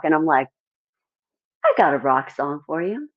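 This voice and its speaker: A middle-aged woman, a country singer-songwriter, chatting as an interview guest and telling lively stories. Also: low voice, measured pace, highs cut off. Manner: animated storytelling, acts out others' voices. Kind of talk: casual interview chat.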